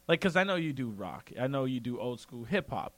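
A man's voice: medium pitch, sing-song, no room sound. A man co-hosting a radio show in casual, rambling chat, laughing easily. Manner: rambling, chatty, quick laughs.

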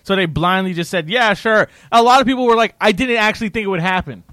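A man in casual political chat, animated and ranting, often mocking other people's voices. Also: high voice, fast, dry recording.

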